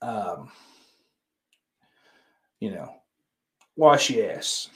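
A man hosting a livestream who chats casually with viewers, crude and profane, rambling and then breaking into sudden loud greetings. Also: fairly low pitch, sing-song, very slow. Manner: crude and profane, talks to chat. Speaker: livestream host.

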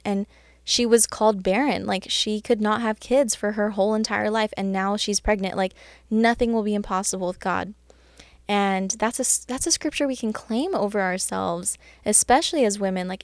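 Young woman, chatty devotional speaker, earnest and excitable, dry close mic. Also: mid-range voice, dry recording. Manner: earnest and chatty, many fillers, excited about scripture. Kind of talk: casual Bible devotional talk.

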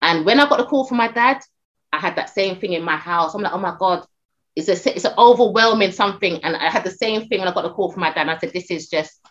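A middle-aged woman talks on a podcast in an animated, storytelling way. She restarts her sentences often and keeps a casual, lively flow. Her voice sits at an ordinary middle pitch. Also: quick pace, highs cut off. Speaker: talent agent and podcast guest.

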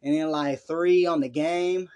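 Cocky Southern podcast co-host, slightly high voice, swears freely. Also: male voice, steady tone, measured pace, a little mellow. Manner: brash, profane, boastful hustle talk. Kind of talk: casual podcast chat.

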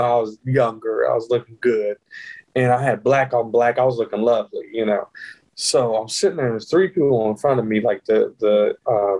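A man's voice: mid-range voice, low-quality recording. A middle-aged man telling a casual, profane story and acting out the people in it. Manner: animated, profane, acts out quoted voices. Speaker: guest.

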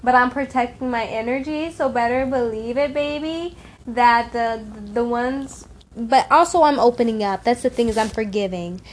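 Woman vlogging to her followers, kinda high voice, rambly, keeps repeating affirmations and trailing off. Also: moderate pace, slight background noise. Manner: drifting, breaks off mid-sentence. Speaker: spiritual vlogger. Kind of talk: casual heartfelt monologue.

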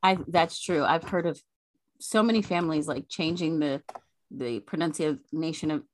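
A chatty woman co-hosting a casual podcast, talking in a loose, rambling way with lots of fillers. Her voice sits a little low, and the sound is dry and close. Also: moderate pace, no echo. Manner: chatty, laughs often, many fillers. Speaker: podcast co-host. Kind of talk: casual chat.

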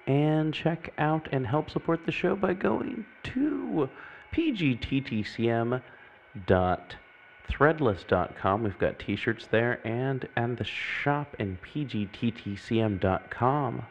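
A man hosting a podcast, reading off sponsor and shop plugs with relaxed, joking asides. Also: medium pitch, slow pace, creaky. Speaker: podcast host. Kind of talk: casual show outro. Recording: dull lo-fi mic with faint hiss.

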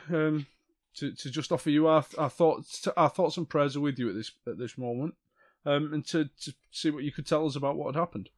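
Male player, mid-pitched, halting in-character speech. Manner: halting, hesitant, restarts. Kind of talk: in-character tabletop play.

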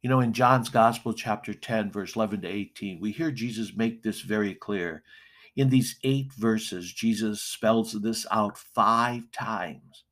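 A middle-aged male pastor preaching a sermon, slow and deliberate with emphatic pauses. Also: on the low side, fairly bright tone.

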